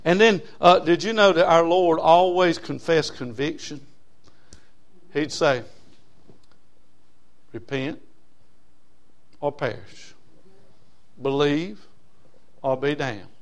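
A man preaching a sermon as pastor, folksy, swinging from loud emphasis to low asides. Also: slow, pauses often.

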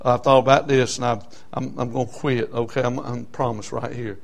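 A middle-aged man preaching a sermon. He tells homespun stories, often stops on "uh, uh" fillers, and builds up to loud emphasis. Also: medium pitch, steady tone, normal speed, gravelly.

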